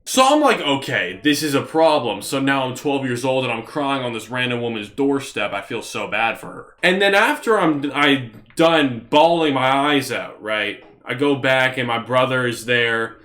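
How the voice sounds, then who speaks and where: Young guy telling a dumb kid story, lots of likes and you knows, rambly and animated. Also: mid-range voice, moderate pace, few pauses. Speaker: vlogger. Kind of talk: casual storytelling.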